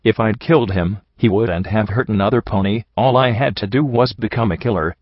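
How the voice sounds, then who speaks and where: Low-voiced man reading a story aloud. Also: brisk, no room sound, lo-fi sound. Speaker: audiobook reader. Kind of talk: first-person fan fiction narration.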